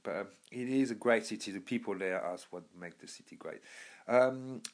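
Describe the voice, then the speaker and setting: A young man from Birmingham with a lowish voice, chatting casually as a podcast host. He rambles, trailing off and restarting with plenty of fillers. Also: normal speed. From Birmingham, England. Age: young adult. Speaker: podcast host recommending books. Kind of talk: casual monologue.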